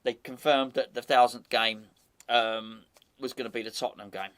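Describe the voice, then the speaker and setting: A man hosting a casual football chat, talking in a rambling, animated way and often repeating himself. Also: mid-range voice, moderate pace, smooth. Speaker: podcast host.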